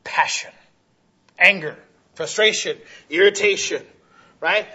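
High, bright-voiced preaching man. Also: normal speed, long pauses, dull audio, slight background noise. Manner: animated preaching, acting out quoted voices, shouts rhetorical questions. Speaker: pastor. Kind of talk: sermon. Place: church.

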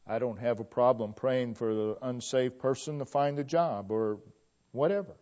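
A middle-aged pastor preaching a sermon in an earnest way, repeating key phrases, swelling to emphatic peaks and then dropping low. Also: male voice, moderate pace, a little mellow. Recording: dull lo-fi church recording.

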